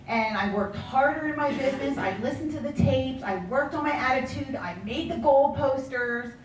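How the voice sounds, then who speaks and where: A woman sales director telling her story in a motivational speech, animated and acting out the voices of people she quotes. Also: sits high, normal speed, background noise. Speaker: sales director giving a talk. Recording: echoey room from far off.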